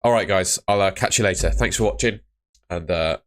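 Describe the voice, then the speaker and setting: A man's voice: low voice, fairly quick. A young man chatting casually on a live stream, answering viewers' comments about fantasy football. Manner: chatty, reads out chat comments.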